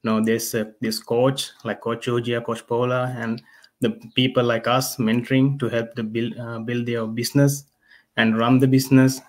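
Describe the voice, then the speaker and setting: A man from Sri Lanka speaking as a guest on an online chat, soft-spoken and even. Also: medium pitch, moderate pace. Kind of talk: casual online talk.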